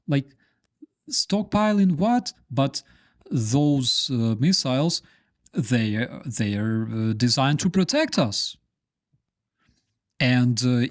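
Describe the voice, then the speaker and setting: A man with a Ukrainian accent putting on the mocking voice of a sneering male propagandist who feigns innocence. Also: darkish tone. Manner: mocking, high sing-song.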